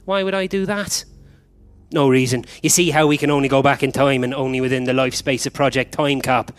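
An actor playing a flustered male time traveller who keeps meeting copies of himself, bickering in quick, confused back-and-forth in a live comedy stage play. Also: mid-range voice, fairly even intonation, faint music behind, lightly acted. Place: theatre stage, recorded live.

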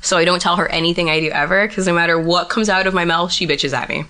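A woman's voice: fairly low pitch, steady tone, quick pace, sharp tone. A young woman talking in a casual chat, blunt, sarcastic and full of profanity. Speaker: guest.

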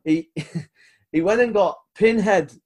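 A man hosting a casual podcast, his voice sitting a little high for a man. He talks in an easygoing way, full of ums and casual swearing, and laughs along with his guest. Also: slow pace, darkish tone. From United Kingdom. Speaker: podcast host.

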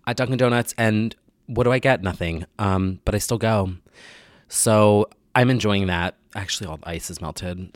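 A man's voice: low voice, no echo. A young man hosting a casual solo podcast, slightly nasal from a sinus infection, rambling and joking crudely. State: getting over a sinus infection. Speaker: podcast host.

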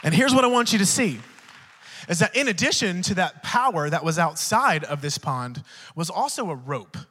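A male pastor preaching a sermon, swinging from loud, fervent declarations to quiet, chatty storytelling. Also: high voice, lively intonation, moderate pace, long reverb tail. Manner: acts out dialogue in his stories.

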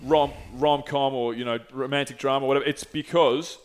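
A young man talks in a loose, candid way, swearing often and restarting his sentences as he tells a story. His pitch sits in the middle for a man, and the talk is an easygoing, casual chat. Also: fairly even intonation, brisk, smooth. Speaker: podcast host.

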